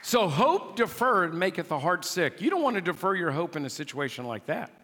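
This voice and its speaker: Man, pastor, animated sermon storyteller with a wide-ranging delivery; church hall echo. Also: sits high, fairly quick, a little hiss or hum. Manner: animated, exclaiming, dramatic retelling. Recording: long hall reverb.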